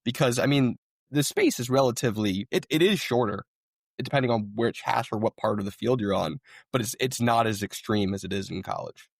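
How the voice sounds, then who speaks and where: A man's voice: mid-range voice, fairly quick, vocal fry, no room sound, clean studio sound. A man co-hosting a podcast, in casual, enthusiastic chat full of "like" and "I mean". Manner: enthusiastic, uses many fillers like "I mean" and "like". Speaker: podcast co-host.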